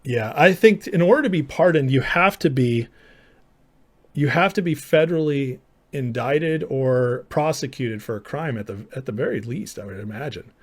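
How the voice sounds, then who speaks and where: A man's voice: mid-range voice, animated, moderate pace. A man hosting a live show, arguing hard with viewers in chat, sarcastic and mocking, now and then mimicking his opponents. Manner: combative, argumentative, mocking. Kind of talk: live stream commentary, responding to chat.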